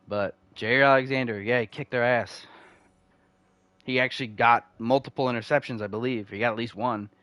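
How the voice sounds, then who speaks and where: A young man talks through a sports video game in a loose, rambling way, cracking self-deprecating jokes between quick runs of stats. His voice sits at an ordinary middle pitch. The sound is dry and close, with no room behind it. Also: fairly bright tone, no room sound. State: uncomfortable, needs the bathroom. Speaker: video game franchise mode host. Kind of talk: casual gameplay commentary.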